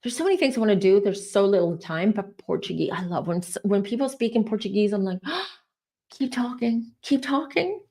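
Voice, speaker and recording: Chatty woman on a relaxed livestream. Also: mid-range voice, quick pace, hardly any pauses. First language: French. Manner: chatty, rambling, warm toward viewers. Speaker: tarot channel host. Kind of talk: casual livestream chat.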